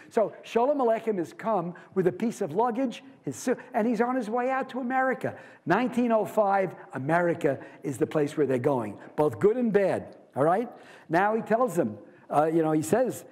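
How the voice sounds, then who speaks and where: A man with a high voice teaches a university literature class. He speaks in a lively way and keeps putting rhetorical questions to his students. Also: fairly quick. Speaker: literature lecturer. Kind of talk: university lecture.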